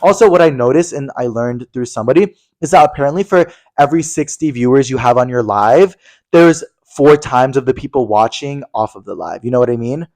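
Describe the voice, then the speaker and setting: A man's voice: mid-range voice, a little fast, darkish tone. A young man co-hosting a podcast in casual chat, gushing and slang-heavy, filling his talk with "like" and "literally". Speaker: podcast co-host.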